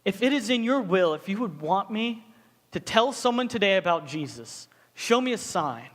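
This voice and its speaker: A man's voice: high-pitched, very animated, moderate pace, a bit bright, in a large hall. A man doing a city man humbly praying. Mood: earnest.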